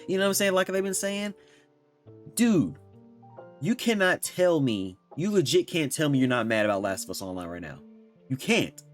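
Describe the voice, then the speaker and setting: A man's voice: a little high, lively intonation, normal speed, faint music behind. A young man ranting heatedly about games, swearing and talking in slang. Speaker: gaming commentator. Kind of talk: angry reaction rant.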